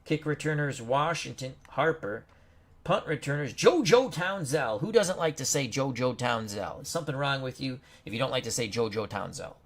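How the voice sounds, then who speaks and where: A man hosting a football strategy game stream, reading out team rosters and greeting viewers in a chatty, unhurried way. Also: mid-range voice, fairly bright tone. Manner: slow, chatty, greets viewers and stumbles over names. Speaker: host. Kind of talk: casual game commentary.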